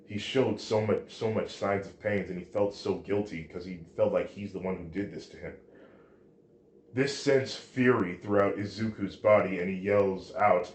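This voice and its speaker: Low-voiced man reading a fan story. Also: steady tone, slight background noise. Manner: halting, with restarts. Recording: roomy echo.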